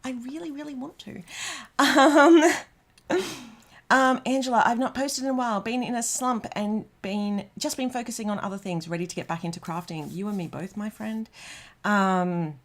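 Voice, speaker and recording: Reading comments aloud on her casual livestream, an Australian host chats and rambles, often saying um and restarting her sentences. She has a fairly high voice and a moderate pace.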